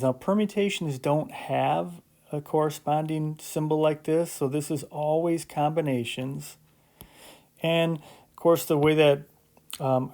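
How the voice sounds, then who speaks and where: A math teacher's slightly high, mellow voice carries a recorded lecture, where he explains things step by step and conversationally. Jokes slip in, and he keeps checking with "right?".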